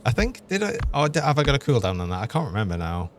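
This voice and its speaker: A man's voice: medium pitch, sing-song, quick pace, slight background noise. A young man, chatting and laughing as he streams a game. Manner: chatty, laughs often, thinks aloud. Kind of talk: live gameplay commentary.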